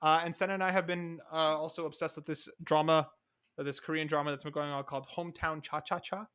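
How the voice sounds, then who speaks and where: Podcast co-host, young man, fast and bright, casual chat. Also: a little high, smooth. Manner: fast, animated, talks over his co-host.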